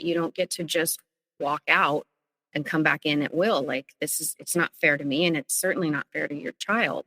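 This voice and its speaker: Low-voiced woman telling her own story. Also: fairly bright tone, dry recording, long reverb tail, rough recording. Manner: earnest and halting, often restarting sentences. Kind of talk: personal storytelling.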